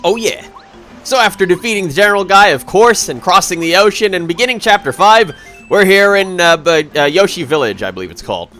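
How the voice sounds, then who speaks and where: A man talks over his video game run in a loose, rambling way, full of dry sarcasm and mid-sentence self-corrections. His pitch swoops up and down a lot as he reacts. Game music plays faintly underneath. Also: lively intonation, a little fast, bright, forceful tone. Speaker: let's play commentator. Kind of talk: casual gameplay commentary.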